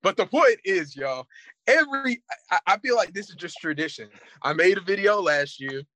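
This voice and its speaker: A man's voice: high voice, animated, moderate pace, bright, forceful tone, no echo. A man hosting a podcast, joking and teasing his co-hosts in casual banter. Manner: joking, teasing, talks up segments. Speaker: podcast host.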